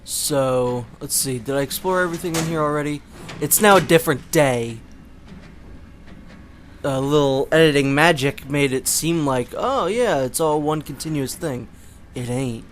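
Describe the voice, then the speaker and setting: A man's voice: fairly high pitch, normal speed, slight background noise. A young man casually commenting on a video game while playing, chatty and rambling with plenty of filler words. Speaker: gameplay commentator. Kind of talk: casual let's play commentary.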